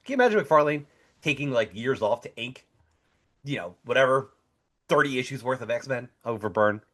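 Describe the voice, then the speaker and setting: A man's voice: mid-range voice, lively intonation, normal speed, a bit bright. A man co-hosting a comics podcast, chatting bluntly and with enthusiasm. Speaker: podcast co-host. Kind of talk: casual chat reviewing comics and movies.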